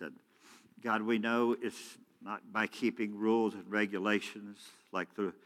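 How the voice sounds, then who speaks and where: Pastor, male, bright ringing delivery in a reverberant sanctuary, shifts between loud exhortation and quiet prayer. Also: fairly low pitch. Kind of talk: sermon. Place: church sanctuary. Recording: church hall with long reverb.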